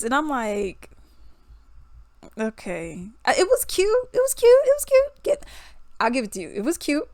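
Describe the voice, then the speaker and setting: A woman's voice: fairly high pitch, sing-song, moderate pace, no echo, clean studio sound. A young woman, giving casual music commentary, laughing often and mocking songs in singsong voices.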